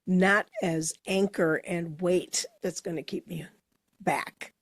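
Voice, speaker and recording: A woman co-hosting a motivational podcast, speaking in a measured, reflective way as she builds her points. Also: on the low side, steady tone, dry recording, studio quality. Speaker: podcast co-host. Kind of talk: casual motivational chat.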